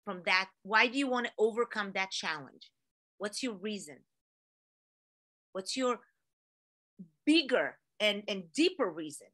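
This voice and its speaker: A woman giving an energetic, animated motivational talk to an online audience, telling a story with rising emphasis. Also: medium pitch, a little slow, pauses often. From Israel. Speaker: motivational speaker.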